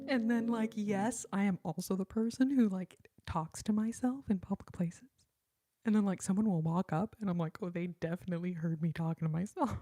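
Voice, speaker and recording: A woman in her early forties whispering softly and giggling as she chats with viewers on an ASMR livestream. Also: mid-range voice, dry recording. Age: early 40s. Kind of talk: whispered ASMR live chat.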